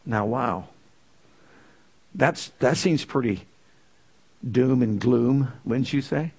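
A man's voice: mid-range voice, slow, long pauses, darkish tone, breathy edge. A man preaching a sermon as pastor, stressing key words and calling out to the congregation.

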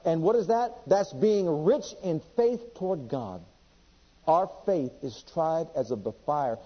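A man preaching a sermon with passion, reading scripture aloud and swinging between loud and hushed delivery. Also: fairly high pitch, expressive, unhurried, slightly rough, big-room sound. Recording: dull lo-fi sermon recording.

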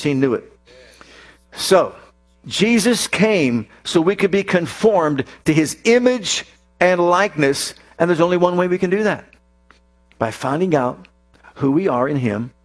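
A male preacher in full sermon, hammering home points through repetition and emphatic declarations. His voice sits slightly high for a man.

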